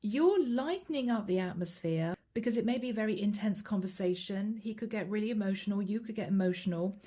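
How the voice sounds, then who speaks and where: A woman's voice: medium pitch, warm tone. A middle-aged woman giving a channeled tarot reading, talking straight to the viewer in a chatty way and naming each card as she draws it. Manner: chatty, addresses viewer directly, names cards as she draws. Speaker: tarot reader.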